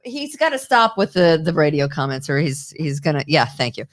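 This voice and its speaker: A woman's voice: sits low, big pitch swings, normal speed. A woman hosting a daily talk show, chatting casually and laughing often. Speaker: show host. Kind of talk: casual studio chat.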